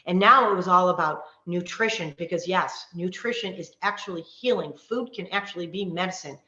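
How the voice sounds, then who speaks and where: Passionate woman coach, fast and forceful, roomy and lo-fi video-call sound. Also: lowish voice. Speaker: wellness coach. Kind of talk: live online workshop talk. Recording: roomy, dull lo-fi call audio.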